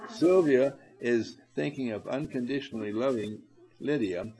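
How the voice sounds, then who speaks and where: A man leading a spiritual seminar, coaxing and animated, who addresses his listeners directly and laughs often. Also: mid-range voice, takes it slowly, over a noisy crowd, poor audio. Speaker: seminar leader. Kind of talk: spiritual seminar talk to a group.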